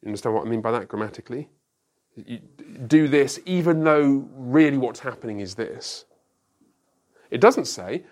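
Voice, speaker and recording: A man's voice: mid-range voice, lively intonation, moderate pace. A man who is a pastor, teaching a school Bible class in a classroom, explaining emphatically and asking rhetorical questions. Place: classroom with a whiteboard.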